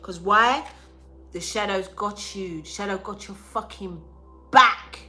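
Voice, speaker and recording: A young woman giving a live tarot reading to viewers, loud, profane and animated, with a sore throat. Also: medium pitch, slow pace, soft background music. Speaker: tarot reader.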